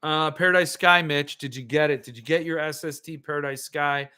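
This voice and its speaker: A man's voice: a little high, steady tone, brisk, bright, forceful tone, clean tone. A man hosting a livestream, ranting sarcastically and answering viewer comments in casual chat. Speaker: podcast host.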